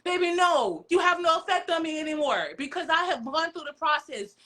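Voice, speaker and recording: A woman's voice: extremely high pitch, a little fast, sharp tone. A woman sharing a personal faith testimony on a podcast, speaking earnestly and calling listeners "baby".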